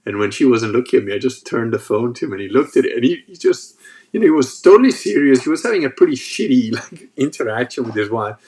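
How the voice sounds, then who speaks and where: Guy rambling casually on his podcast, swears a lot, tons of um and like, mid pitched voice. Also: animated, fast, a little mellow. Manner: rambling, profane, lots of fillers. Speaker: podcast host. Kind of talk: casual monologue.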